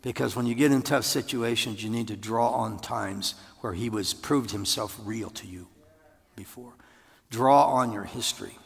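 A man in his sixties preaching a conversational, animated sermon, his husky voice carrying in a church sanctuary. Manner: conversational, animated, with jumps into falsetto for acted voices. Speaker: pastor. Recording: long reverb of a large hall.

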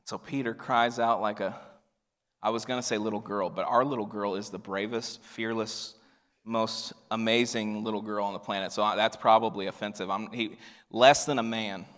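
A male pastor preaching a sermon, swinging from loud emphatic lines to hushed near-whispers. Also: on the low side, fairly even intonation, normal speed. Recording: long reverb of a large hall.

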